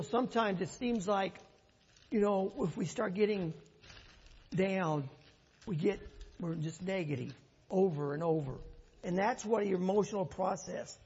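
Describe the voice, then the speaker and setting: An older man leads a church workshop, his speech halting and full of ums. His voice is high for a man and gravelly. The recording is lo-fi, with a long hall reverb. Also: warm tone.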